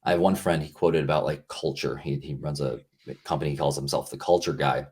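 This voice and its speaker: Low husky man chatting earnestly. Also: steady tone, brisk, a little mellow. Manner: earnest, rambling, many fillers and restarts. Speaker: podcast guest. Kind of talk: casual podcast conversation.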